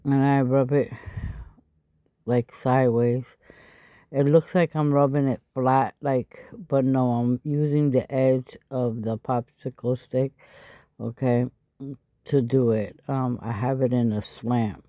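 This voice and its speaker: A woman hosting a casual craft tutorial, tired and a little stuffy, with a raspy, low voice as she explains each step. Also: fairly even intonation, takes it slowly, mellow, no room sound, clean studio sound. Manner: chatty, explaining step by step with frequent asides. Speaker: craft channel host.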